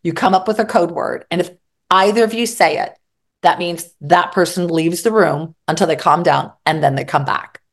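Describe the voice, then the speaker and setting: A woman therapist talking in an interview, animated and acting out quoted exchanges. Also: fairly low pitch, normal speed. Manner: animated, acts out quoted dialogue. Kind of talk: interview conversation.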